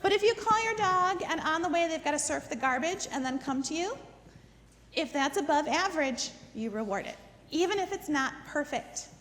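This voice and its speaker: A woman's voice: sits high, expressive, normal speed, fairly bright tone, in a large hall. A woman teaching a dog training class. She gives step-by-step instructions, repeats words for emphasis and often checks in with "okay?". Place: indoor dog training facility.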